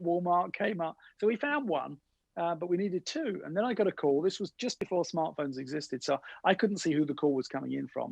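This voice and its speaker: A middle-aged man telling lively anecdotes in an interview, acting out the voices of the people he quotes. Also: a little high, gravelly, slightly rough, no echo, lo-fi sound. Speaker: guest innovation speaker. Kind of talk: animated storytelling interview.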